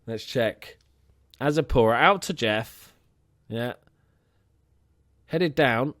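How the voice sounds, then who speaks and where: A young man casually commentating his own football management game, chatty and excitable, swearing now and then. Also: mid-range voice, slow, no room sound, clean studio sound. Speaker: let's play host.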